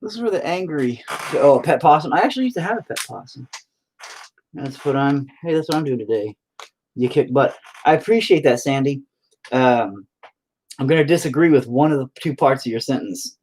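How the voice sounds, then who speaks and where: A man's voice: mid-range voice, animated, normal speed, a little mellow, slightly rough. Give me a profane, self-deprecating man rambling casually to his stream viewers as he paints. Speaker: livestreaming painter reading chat.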